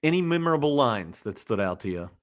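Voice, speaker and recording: A man in easygoing podcast chat, asking questions and laughing along. His voice is mid-pitched and unhurried, plain and conversational. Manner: relaxed, prompts with questions, laughs often. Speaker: podcast co-host. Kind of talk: casual movie podcast chat.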